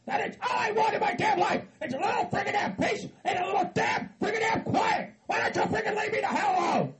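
A man voicing a paranoid, furious hillbilly who yells curses nonstop in a raspy, screeching voice. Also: very high voice, animated, normal speed, some chatter behind, pitched above the performer's own voice, exaggerated voice. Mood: ranting. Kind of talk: hobby comedy skit acting.

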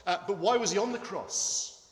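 A man preaching a sermon in a church, earnest and emphatic, with dramatic pauses. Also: sits high. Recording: echoey hall with long reverb.

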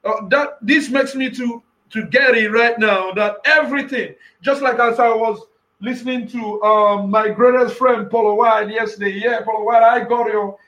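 A man preaches with fervor in a very high, bright voice. He speaks slowly and deliberately, repeating phrases and rising into emphatic shouts. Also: fairly even intonation, rough recording. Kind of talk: impassioned sermon.

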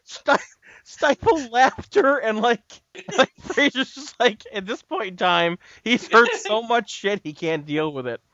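A man's voice: high-pitched, animated, unhurried, bright, forceful tone, dry recording. A man co-hosting a podcast, casually retelling an episode in a rambling way with lots of "you know" and "uh". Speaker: podcast co-host. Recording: dull, dry lo-fi audio.

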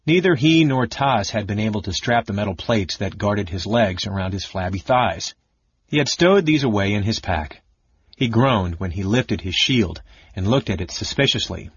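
Man, audiobook narrator, low husky voice, measured expressive reading, dull lo-fi recording. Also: no room sound. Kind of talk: scripted fantasy narration.

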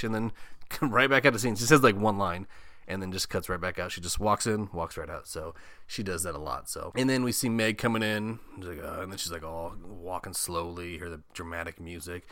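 Profane, joking man with a bright voice. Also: fairly low pitch, fairly quick, dry recording, clean studio sound. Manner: profane, joking, acts out characters' lines. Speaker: podcast host. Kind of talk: casual movie recap.

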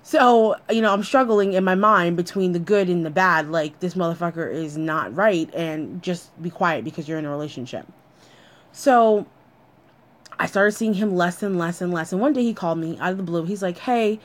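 A woman's voice: fairly low pitch, normal speed. Blunt, profane woman telling her story. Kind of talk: personal storytelling monologue.

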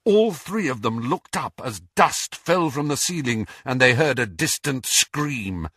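A man narrating an audiobook chapter with expressive storytelling. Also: mid-range voice, a little slow, husky, dry recording, clean studio sound. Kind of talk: scripted narration.

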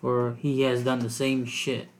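A man's voice: medium pitch, completely flat delivery, a little slow, slight background noise. A man co-hosting a casual podcast chat, cutting in with short, blunt and crude remarks. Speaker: podcast co-host.

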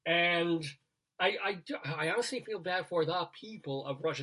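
A man's voice: high-pitched, normal speed, sharp tone, breathy edge. A man hosting a talk show in casual chat, rambling from topic to topic and laughing at his own jokes. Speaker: radio show host.

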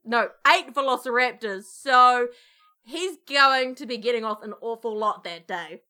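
A woman's voice: on the high side, measured pace, sharp tone. A woman co-hosting a podcast, reading fanfiction aloud with dramatic delivery and chatting casually. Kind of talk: casual chat.

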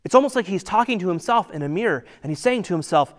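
Conversational preacher, a man with a slightly higher voice. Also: lively intonation, quick pace, hardly any pauses. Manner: conversational, many rhetorical questions. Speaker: pastor. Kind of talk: sermon.

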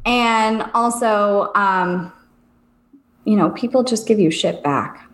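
A woman's voice: mid-range voice, takes it slowly. A woman in her thirties co-hosting a casual podcast chat, laughing at herself and acting out what people said. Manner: expressive, laughs at herself, acts out quotes. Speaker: podcast co-host. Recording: roomy echo.

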